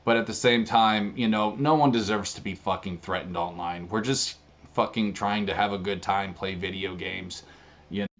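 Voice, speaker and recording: A man's voice: lowish voice, moderate pace, fairly bright tone, lo-fi sound. A brash man ranting casually in his video, swearing and laughing as he talks. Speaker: online streamer.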